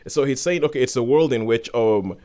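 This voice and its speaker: Guy ranting on a podcast about a show, exasperated, casual, does little high-pitched voices for quotes. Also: a little fast, a little mellow. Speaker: podcast co-host reviewing a series. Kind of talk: casual opinionated review chat.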